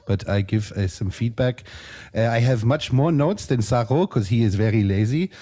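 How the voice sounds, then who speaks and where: A man impersonating French beatbox judges in a put-on French accent, halting and full of "uh" as he reads out judging notes. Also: medium pitch, expressive, warm tone, close to an everyday voice. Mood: playful. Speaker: judge giving feedback.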